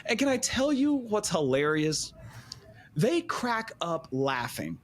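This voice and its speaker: A man's voice: sits high, sing-song, slow. A man co-hosting a casual faith podcast, telling playful, self-mocking stories. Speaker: podcast co-host.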